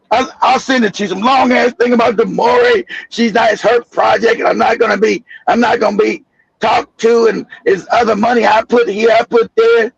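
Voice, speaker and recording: Gravelly, high-voiced man ranting. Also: dry recording, muffled recording. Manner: profane, animated storytelling with frequent restarts. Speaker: show host. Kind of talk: casual chat.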